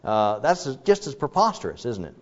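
A man preaching a conversational sermon, now and then rising to animated rhetorical questions. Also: mid-range voice, brisk. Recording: dull, reverberant hall sound.

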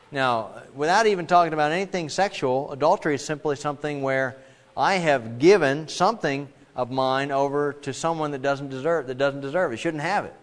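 A middle-aged man preaching a sermon in a conversational way, now and then acting out quoted voices with sudden jumps in pitch. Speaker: pastor. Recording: long reverb of a large hall.

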